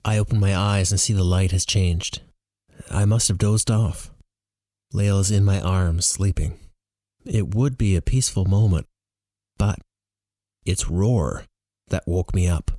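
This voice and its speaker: A man narrating a novel in the first person with an animated, expressive reading. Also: low-pitched, unhurried, pauses often, dry recording, clean studio sound. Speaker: audiobook reader.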